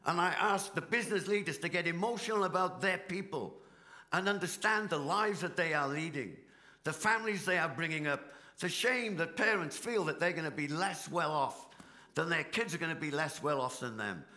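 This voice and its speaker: A man's voice: fairly high pitch, normal speed, bright, forceful tone. A middle-aged man from Britain speaking in a panel debate, a union leader who talks passionately and builds his points with rhetorical repetition on a conference stage. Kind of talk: impassioned panel debate speech.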